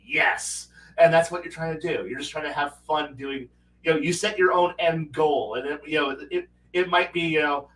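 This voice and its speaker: A man's voice: a little high, steady tone, moderate pace, a bit bright. A man hosting a livestream who chats casually about strategy games, rambling with many restarts and acting out quotes. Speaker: livestream host. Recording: roomy, with a distant mic.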